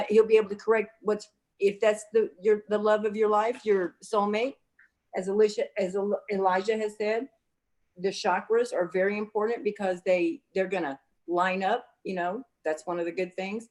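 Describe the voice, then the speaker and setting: A woman's voice: mid-range voice, steady tone, moderate pace, darkish tone. A woman giving psychic readings in a casual, chatty way, calling the viewer honey. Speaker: psychic reader. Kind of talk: casual livestream reading chat.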